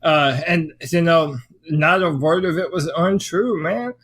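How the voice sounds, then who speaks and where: Drawling higher-voiced co-host. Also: male voice, unhurried, fairly bright tone. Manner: drawling, emphatic, slangy. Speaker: podcast co-host. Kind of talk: casual sports podcast banter.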